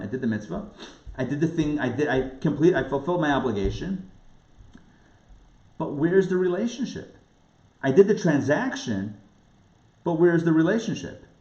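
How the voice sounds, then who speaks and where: A man, a rabbi, giving a lively lecture, asking rhetorical questions and acting out quoted voices. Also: fairly high pitch. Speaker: rabbi teaching a class. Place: recorded live class. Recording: roomy, dull lo-fi sound.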